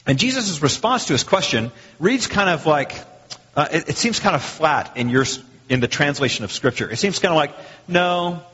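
Husky preacher in a reverberant hall. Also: male voice, a little high, a little fast. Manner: conversational, animated, acts out quoted lines. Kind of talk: sermon. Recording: muffled, lo-fi, long hall reverb.

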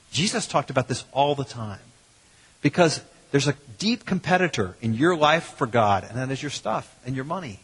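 A man, a pastor preaching a sermon in a church in a lively, conversational way with quoted asides. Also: on the high side, breathy edge. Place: church sanctuary. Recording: long hall reverb.

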